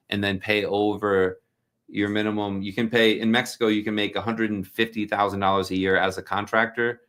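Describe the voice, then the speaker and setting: A man with a lowish voice hosts a loose, unscripted livestream Q&A. He rambles and jokes, scattering fillers as he answers viewer questions. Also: fairly bright tone. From New Jersey. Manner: chatty, joking, rambling with fillers. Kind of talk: casual livestream Q&A.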